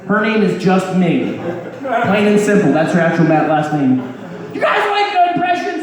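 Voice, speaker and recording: A man performing a live stand-up set of crude one-liners, delivered deadpan with a dry "you're welcome" tag. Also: high-pitched, normal speed. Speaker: stand-up comedian. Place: comedy club stage before a laughing audience. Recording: echoey room, distant mic, crowd laughter.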